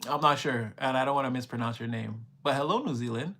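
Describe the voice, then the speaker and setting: A man's voice: mid-range voice, fairly quick, fairly bright tone. A young man, rambling casually on a livestream as a spiritual reader, repeating himself and exclaiming often. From Canada. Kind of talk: casual livestream reading and chat.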